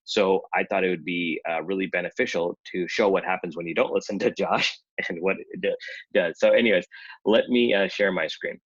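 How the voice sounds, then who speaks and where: A man's voice: sits low, steady tone, moderate pace, fairly bright tone, husky, no room sound, dull audio. A man chatting casually in a rambling, self-correcting way as he talks through his own screen-share vlog. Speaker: YouTuber talking about affiliate marketing.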